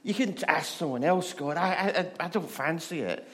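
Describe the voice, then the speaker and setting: A man's voice: on the high side, normal speed, fairly bright tone, voice pushed up, natural voice. A man voicing a lazy man who grumbles that he does not fancy building a boat. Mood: reluctant.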